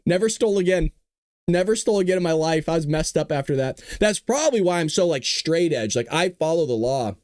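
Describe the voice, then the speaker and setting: A man in his thirties hosting a casual talk show, telling stories in an animated, joking way and laughing often. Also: on the high side, a little fast, no echo, clean studio sound. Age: 30s. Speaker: host of a political talk show. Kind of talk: casual livestream talk and storytelling.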